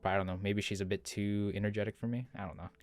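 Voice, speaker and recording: A man's voice: fairly low pitch, flat delivery, racing. A young man commenting casually while playing a story game, musing aloud and often restarting his sentences. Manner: chatty, musing, trails off and restarts. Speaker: gaming video creator. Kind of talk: let's play commentary and reading a visual novel.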